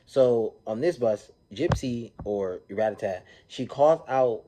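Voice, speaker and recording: A man recapping a reality TV episode in a casual, animated, slang-filled way, often checking in with "you feel me". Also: medium pitch, slow pace, background noise.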